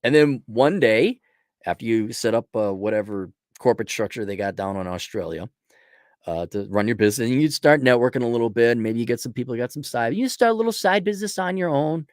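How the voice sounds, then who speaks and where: A man's voice: mid-range voice, lively intonation, a little fast, no room sound, clean studio sound. A man hosting a show, giving blunt, crude, sarcastic advice in a casual rant to a viewer. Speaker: host answering a viewer question.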